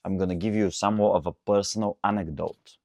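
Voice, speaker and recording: A man with a very deep voice hosts his own podcast alone and vents about what annoys him. He talks casually, breaks off to correct himself, and speaks into a dry, close microphone with no room sound. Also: fast talker, gravelly, dry recording. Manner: ranting, animated, self-correcting. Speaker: podcast host and coach. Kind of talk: solo podcast monologue.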